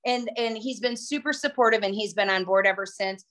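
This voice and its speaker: A woman's voice: medium pitch, fairly quick, a bit bright. A middle-aged woman telling her personal story to a group, chatty and emotional. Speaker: guest speaker.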